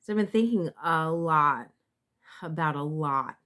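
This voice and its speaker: A woman with a low voice, speaking slowly as she talks casually to her viewers about tarot. She hesitates often and restarts her sentences. She sounds emotional, as if holding back tears. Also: a bit bright. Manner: halting, many fillers and restarts. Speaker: tarot reader. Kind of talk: casual talk to camera.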